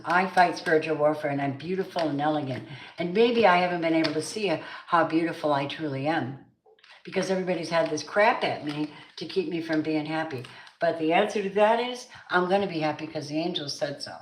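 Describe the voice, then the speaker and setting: A woman's voice: deep voice, brisk, echoey room, a little hiss or hum, rough recording. A middle-aged woman giving an emphatic live tarot reading, chatting with her viewers by name. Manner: emphatic, repeats affirmations. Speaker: tarot reader. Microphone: camera mic on a live stream.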